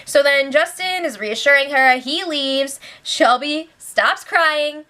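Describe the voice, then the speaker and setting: A chatty woman hosts a casual recap of a reality show and keeps it loose and giggly. Her voice sits a little high, and she slips in sarcastic asides as she runs through the news. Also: takes it slowly, sharp tone.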